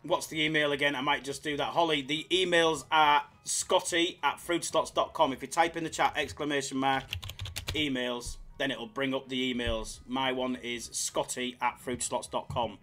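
A man's voice: mid-range voice, steady tone, moderate pace, pushed and bright, soft background music. A man streaming slots live, bantering with chat in a jokey, hyped-up way. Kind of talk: casual live-stream chatter.

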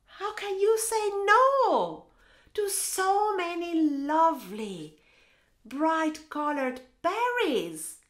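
Woman teacher reading to kids: high, bright, slow and very lively, playful sound effects, echoey room. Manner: animated, playful, with mouth sounds and sing-song asides. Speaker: teacher and storyteller. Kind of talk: reading a picture book aloud to children.

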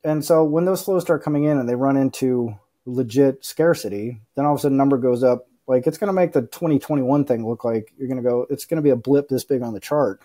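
Dude rambling on a podcast, mellow warm tone, lots of likes and you-knows, does little voices for people. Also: male voice, medium pitch, fairly quick. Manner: rambling, acts out quoted voices, many fillers. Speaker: guest. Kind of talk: casual podcast conversation.

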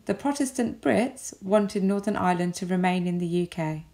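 A woman with an English accent, giving a recorded lesson as a teacher with clear, measured explanations. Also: on the low side, warm tone.

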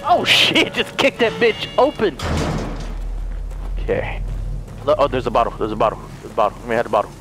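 Man, gamer, lively swinging pitch, loud reactions, swearing, music behind him. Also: brisk, long pauses. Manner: excitable, swearing, talks to himself and the game. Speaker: gamer playing a horror game. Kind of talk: casual let's play commentary.

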